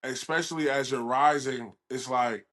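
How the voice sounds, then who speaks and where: A man hosting a podcast, reflecting on what his guest said in a measured, thoughtful way. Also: medium pitch, steady tone, a bit bright. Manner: measured, reflective commentary with frequent affirmations. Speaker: podcast host. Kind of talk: casual interview chat.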